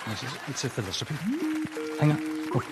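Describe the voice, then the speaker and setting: A man performing provocative stand-up comedy, mocking and laughing through his lines, jumping high for mock outrage. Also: lively intonation, normal speed, over loud music. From Netherlands.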